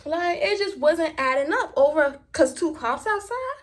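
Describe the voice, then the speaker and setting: A young woman from Miami, telling a story in a vlog in an animated, profane and emphatic way. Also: very high voice, normal speed. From Miami, Florida. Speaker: vlogger.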